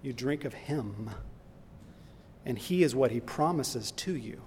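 A male preacher with a mid-range voice who delivers his sermon slowly and earnestly, pressing his points home with emphatic lists. His words ring out with the long reverb of a large hall, over a faint background hiss. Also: medium pitch, lively intonation, darkish tone.

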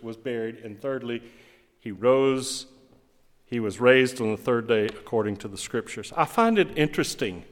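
A middle-aged man, a pastor, preaching a sermon with emphatic swings between loud and quiet. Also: medium pitch. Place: church sanctuary. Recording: long reverb of a church hall.

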